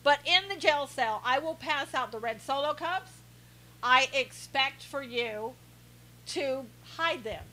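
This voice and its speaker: Sarcastic, teasing woman with a bright high voice. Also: animated, slow pace, rough recording. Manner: teasing, sarcastic, laughing often. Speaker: live stream host. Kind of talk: sarcastic live-stream chat, reading viewer comments.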